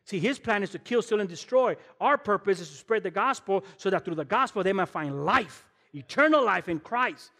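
A man preaching as a guest pastor, animated and emphatic, firing rhetorical questions and slipping in casual slang. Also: high voice, normal speed, few pauses. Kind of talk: sermon. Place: church sanctuary. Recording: long hall reverb in a church.

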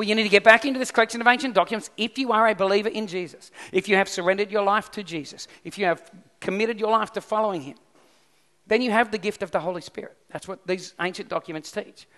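A male pastor preaches in a bright, forceful tone, his high voice ringing with a long hall reverb. He keeps the sermon lively and keeps asking the congregation questions. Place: church hall.

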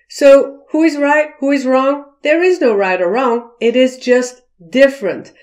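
A woman's voice: sits high, darkish tone. A woman explaining cultural communication in a video lesson, acting out example phrases as she goes. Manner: slow, deliberate explaining, acting out quoted voices. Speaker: cross-cultural communication teacher.

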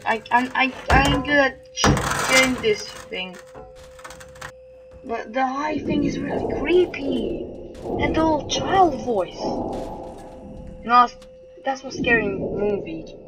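A woman's voice: a little high, background noise. A woman giving let's-play commentary on a horror game, jumpy and swearing, taunting the game's characters. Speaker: gamer playing a horror game.

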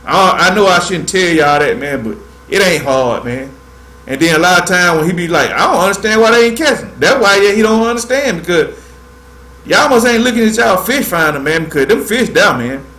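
A man hosts a fishing livestream in a relaxed, drawling chat, tossing "man" into every other phrase. His voice sits fairly high for a man, and it carries a roomy echo. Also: a little fast. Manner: laid-back, drawling, peppers speech with "man". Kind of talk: casual livestream tutorial.

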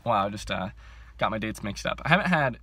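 Young man, bright forceful tone, lowish pitch, overcaffeinated, laughing, casual phone-filmed vlog. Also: fairly quick, breathy edge, dry recording. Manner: excitable, laughs often, self-mocking. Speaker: book vlogger. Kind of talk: casual chat to camera. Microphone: handheld phone.

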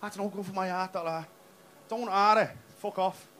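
A man's voice: high voice, fairly even intonation, normal speed, a bit bright. A man, doing a brash, sweary stand-up set on a comedy club stage, teasing the crowd. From England. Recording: noisy live club recording. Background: audience laughter.

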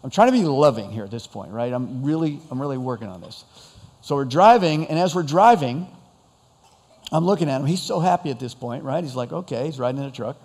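Rambling storytelling preacher in a reverberant church. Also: male voice, mid-range voice, animated, a little fast, darkish tone, slightly rough. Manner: rambling, self-deprecating humor, frequent fillers. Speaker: pastor. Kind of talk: sermon storytelling. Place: church sanctuary. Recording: long church hall reverb.

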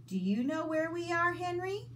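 Lady reading a storybook, doing a squeaky little girl, curious and bold, bouncing way up high. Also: big pitch swings, moderate pace, slight background noise. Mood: wondering.

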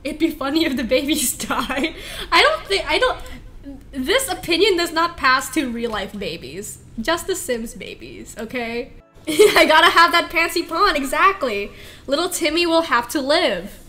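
High lively woman, bright tone, giggly rambling game-stream chat. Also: unhurried. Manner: giggly, rambling, frequent laughter. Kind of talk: casual live-stream chat while playing.

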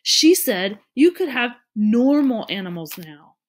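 A woman's voice: fairly high pitch, very animated, takes it slowly, pitched above the performer's own voice, exaggerated voice. A woman reading a storybook, voicing a blunt, bossy thirteen-year-old girl who speaks sharply. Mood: scornful.

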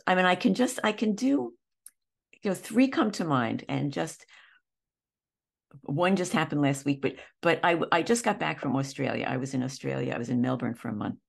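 An older woman, a therapist and teacher, telling stories in an interview in a lively way, with many restarts. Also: sits low, moderate pace, vocal fry. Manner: warm, animated anecdotes with many restarts. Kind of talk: conversational storytelling.

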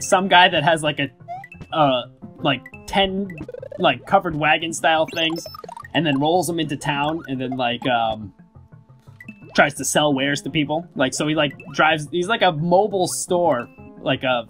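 A man's voice: fairly high pitch, a bit bright. A man giving rambling, casual commentary while playing a video game, often swearing. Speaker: gaming YouTuber. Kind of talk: casual let's-play commentary.

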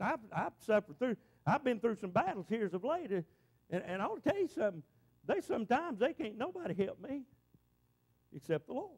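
A middle-aged preacher speaks to his congregation in a folksy way, exclaiming and repeating himself as he goes. His voice sits very high for a man and carries a gravelly rasp. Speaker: pastor. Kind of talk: preaching a sermon. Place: church sanctuary.

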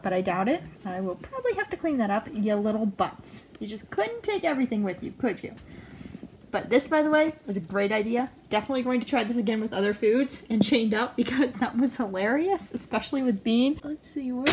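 Giggly high-voiced woman vlogging her pet rats. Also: a little mellow, a little hiss or hum. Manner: playful, giggly, scolding her pets fondly. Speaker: pet rat owner and channel host. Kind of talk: casual pet vlog commentary.

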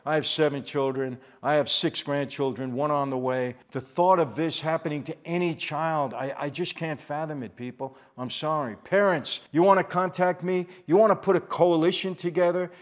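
An older man speaking straight to his viewers in a fired-up commentary. His voice sits a little high for a man, and he hammers points by repeating them. He keeps turning to the audience with direct appeals. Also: steady tone, normal speed, few pauses. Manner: worked up, emphatic, repeats phrases for force; addresses viewers directly as "people". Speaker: channel host. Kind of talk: impassioned commentary to camera.

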